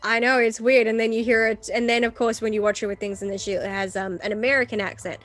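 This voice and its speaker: A woman's voice: a little high, steady tone, quick pace, a bit bright, no room sound, faint music behind. A woman hosting a casual chat, talking expressively and acting out her own reactions. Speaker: host.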